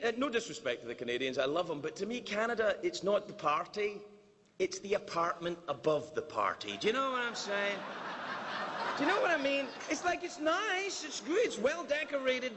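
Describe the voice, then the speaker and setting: Scottish man doing lively stand-up. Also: sits high, a little hiss or hum. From Scotland. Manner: brisk, teasing, mock-indignant delivery. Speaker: comedian headlining a formal dinner. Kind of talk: stand-up monologue. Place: large banquet hall. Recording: long reverb of a large banquet hall.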